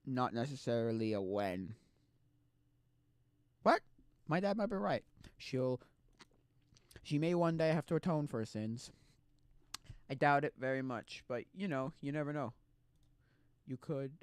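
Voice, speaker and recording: A young man streaming casual chat, rambling and restarting, swinging between loud outbursts and quiet mumbles. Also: mid-range voice, expressive, a little slow, long pauses, clear, resonant tone, no room sound.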